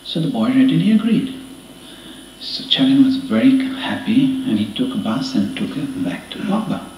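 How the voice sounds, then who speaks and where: A man's voice: mid-range voice, big pitch swings, moderate pace, a little mellow, slight background noise. Distant, roomy male storyteller. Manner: anecdotal, conversational, acts out quoted dialogue. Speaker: speaker giving a talk. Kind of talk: storytelling talk to an audience. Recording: roomy and distant with faint ambience.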